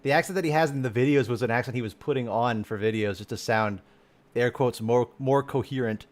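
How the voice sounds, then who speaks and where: Fairly quick and medium-pitched, he chats casually on a live stream while reacting to a game. His excitable talk is full of swearing, and he often drops a thought mid-sentence to begin again.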